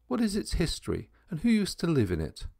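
A man's voice: on the high side, huge pitch swings, a little fast, vocal fry, warm tone, breathy edge, no echo, studio quality, pitched above the performer's own voice, exaggerated voice. A man voicing a logical, impatient young governess in an audiobook, asking firm questions. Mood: stern.

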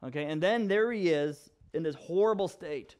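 A male pastor giving a casual vlog sermon, animated and wry, acting out the quotes he tells. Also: a little high, moderate pace, clear, resonant tone. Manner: animated, sarcastic asides, acts out quotes.

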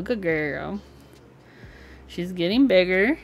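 Young woman, live streamer, slightly low voice, slow relaxed pace, giggly, chatty. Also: breathy edge, faint music behind. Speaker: streamer building a keyboard. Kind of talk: casual live-stream chat.

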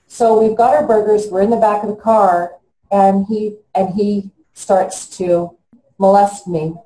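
A woman in her fifties, an interview guest telling her own story in a halting, earnest way with frequent restarts. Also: mid-range voice, fairly even intonation, warm tone, roomy sound, poor audio.

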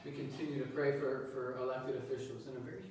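Priest in a very echoey church. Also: male voice, medium pitch, fairly even intonation. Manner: conversational, halting, with frequent word repetitions. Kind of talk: gospel reading and homily at Mass. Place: large church. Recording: very echoey church from far off, faint noise.

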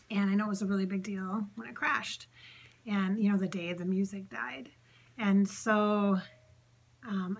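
A woman's voice: a little high, pushed and bright. A woman hosting her own channel as a medium, talking in a casual, effusive, rambling way with many fillers. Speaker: psychic medium host. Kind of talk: casual spiritual channeling monologue.

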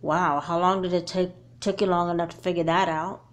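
A woman's voice: on the low side, flat delivery, fairly quick, close to an everyday voice. A woman voicing a girl's forgiving best friend in a home-made doll movie, speaking in a friendly, lightly teasing way.

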